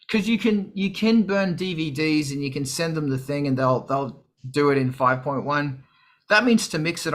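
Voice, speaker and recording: A man hosting a live stream, chatting casually to viewers, swearing freely and acting out what others said. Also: fairly high pitch. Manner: animated, swearing, quoting others in put-on voices. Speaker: livestream host. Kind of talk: casual chat to a live audience.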